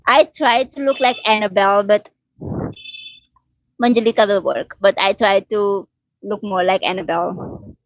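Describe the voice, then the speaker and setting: A woman's voice: medium pitch, unhurried, long pauses, no echo. A woman from Suriname hosting a casual live chat, answering viewers' comments and teasing them. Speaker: livestream host chatting with viewers. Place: home in Delhi. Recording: dull dry lo-fi audio.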